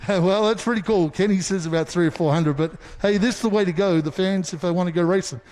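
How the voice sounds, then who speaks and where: A man's voice: high voice, fast talker, darkish tone, in a large hall. A man working as a trackside reporter, interviewing drivers after a race in an enthusiastic, exclaiming way.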